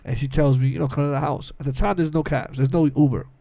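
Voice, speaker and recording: A man's voice: on the high side, quick pace, creaky, dry recording. A young man telling a rambling story on a casual podcast, laughing often and acting out the other people in it. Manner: animated, laughs often, acts out quotes with cursing and slang. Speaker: podcast co-host.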